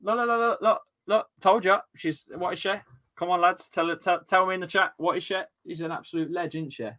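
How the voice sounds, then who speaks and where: A man with an East Midlands accent hosting a live football watchalong at home, full of excitable, sweary, rambling banter. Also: sits high, a little fast. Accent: East Midlands English. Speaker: host of a fan watchalong stream.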